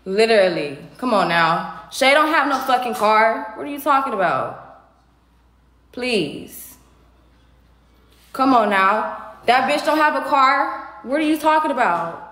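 Young woman clapping back on a live, high voice, dismissive, repeats herself. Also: lively intonation, measured pace, pauses often, a bit bright, reverberant. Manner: scornful, dismissive, repeats retorts. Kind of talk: heated livestream argument.

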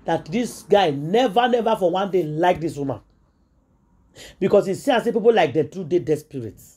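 A woman's voice: on the low side, expressive, normal speed, warm tone, husky. Emphatic Nigerian woman gossip vlogger. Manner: emphatic, repetitive and preachy, with mixed Pidgin. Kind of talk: casual celebrity gossip commentary.

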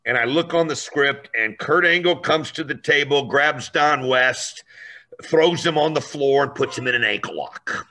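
A man telling a story in a lively, animated way, acting out voices and raising his voice for effect. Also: medium pitch, moderate pace.

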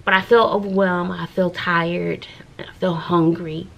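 A woman teacher with a Southern US accent, chatting in a casual vlog from her classroom, animated, with folksy asides. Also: lowish voice, a little slow, creaky. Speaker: teacher and vlogger. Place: classroom at school.

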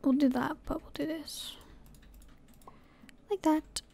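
A woman's voice: high-pitched, fairly even intonation, takes it slowly, creaky, mellow, a little hiss or hum. A woman from Scotland commentating her gameplay casually, muttering to herself and often dropping to a whisper. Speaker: gaming channel host.

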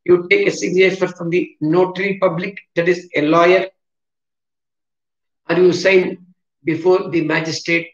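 In a classroom with a board, a man with a South Indian English accent teaches vocabulary, spelling words letter by letter and repeating himself. His voice is high and flat, measured in pace with long pauses. The recording sounds roomy, distant, and dull.

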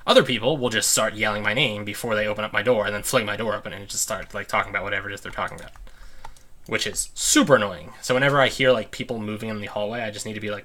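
Bright-voiced man ranting over gameplay. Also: on the low side, fairly even intonation, fast talker. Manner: irritated, ranting with laughs. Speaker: let's play host. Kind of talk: gameplay commentary. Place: room at home.

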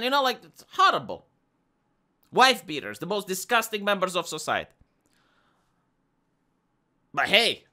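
A man's voice: high voice, sharp tone. A man from Romania with a Romanian accent, giving an argumentative casual monologue as a streamer and often repeating words as he restarts. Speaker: live streamer.

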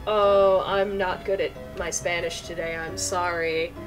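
A woman's voice: on the low side, little pitch movement, unhurried, music in the background. A woman hosting a let's play, joking around in casual commentary and reading the game's text aloud. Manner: playful, jokey, reads game text aloud.

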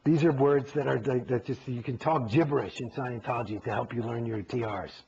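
Gravelly, husky man, profane and animated interview storyteller, dull lo-fi recording. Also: medium pitch, brisk. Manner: profane, animated, acts out quoted exchanges.

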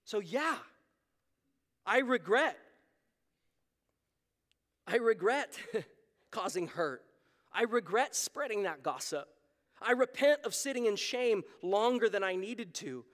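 A man's voice: high-pitched, expressive, takes it slowly, pauses often, fairly bright tone. A man preaching a sermon as pastor, talking in an earnest, conversational way and acting out quoted voices. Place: church sanctuary. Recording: long hall reverb.

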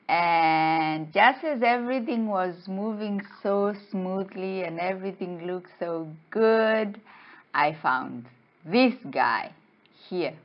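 Chatty woman vlogger, slightly muffled. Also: sits low. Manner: chatty, playful narration. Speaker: travel vlogger. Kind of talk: casual storytelling vlog.

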